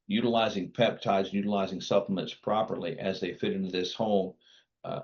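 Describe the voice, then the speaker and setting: Deep-voiced man, firm and emphatic. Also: darkish tone, highs cut off. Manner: emphatic, didactic, firm declarations. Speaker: physician and wellness clinic founder. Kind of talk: podcast guest interview.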